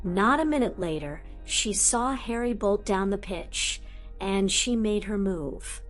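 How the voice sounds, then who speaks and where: A woman reading a fantasy audiobook aloud in a lively storytelling manner. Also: medium pitch, measured pace, soft background music. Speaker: audiobook narrator. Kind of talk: scripted audiobook narration.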